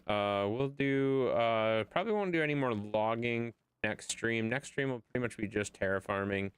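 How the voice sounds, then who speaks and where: A low-voiced man streaming from home, his pitch jumping all over as he rambles and curses to his chat. The sound is close and dry, with faint music under it. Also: a bit bright, clear, resonant tone, dry recording. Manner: rambling, profane, chatty. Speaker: game streamer. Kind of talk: casual livestream chat.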